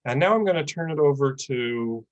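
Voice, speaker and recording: A man's voice: mid-range voice, expressive, normal speed, no room sound, highs cut off. Man giving an academic talk. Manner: thoughtful, with many fillers. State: losing his voice. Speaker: conference panelist. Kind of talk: academic presentation.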